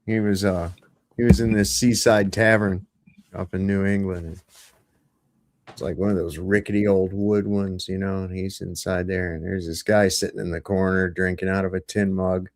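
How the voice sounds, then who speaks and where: A man's voice: low-pitched, level tone, normal speed, darkish tone. A man hosting a casual panel chat and telling a long, rambling joke. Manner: rambling storyteller.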